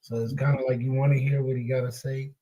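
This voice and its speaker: A man's voice: mid-range voice, little pitch movement, quick pace, warm tone, poor audio. A man co-hosting a podcast, chatting casually with jokes and slang. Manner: joking, slangy. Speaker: podcast co-host. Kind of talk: casual chat.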